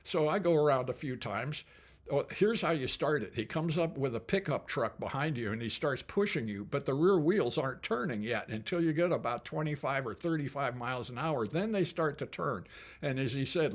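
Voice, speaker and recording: A man's voice: medium pitch, animated, normal speed. An older man, a company founder, telling stories casually in an enthusiastic, colorful way with frequent asides. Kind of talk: casual storytelling.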